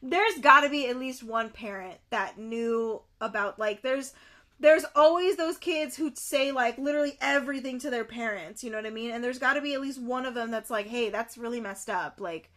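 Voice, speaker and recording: On her stream, a high-voiced young woman reads from a book and reacts as she goes, often exclaiming and saying things twice in her excitement.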